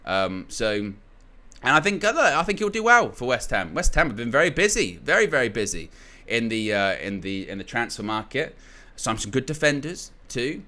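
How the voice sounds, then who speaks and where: A young man with a bright, forceful voice, talking through his football takes in a loose, casual way. He keeps restarting sentences and padding them with fillers as he hosts his channel. His pitch sits in an ordinary middle range. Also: very animated, moderate pace. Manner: rambling, frequent restarts and filler words. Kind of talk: casual opinion commentary.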